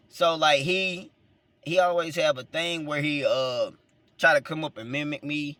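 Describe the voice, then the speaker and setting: Southern guy ranting in his car, kinda high bright voice, dry sound. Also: a little slow, dry recording. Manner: rambling, repeats words, chuckles between points. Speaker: vlogger and minister. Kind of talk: casual storytelling to camera. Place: inside a car.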